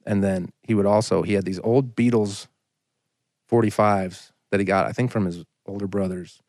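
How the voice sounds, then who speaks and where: A man's voice: lowish voice, fairly even intonation, moderate pace, a little mellow, dry recording, clean studio sound. A man in his thirties, a singer-songwriter guest on a podcast, telling a long, rambling anecdote with lots of "like" fillers. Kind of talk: casual storytelling in a podcast interview.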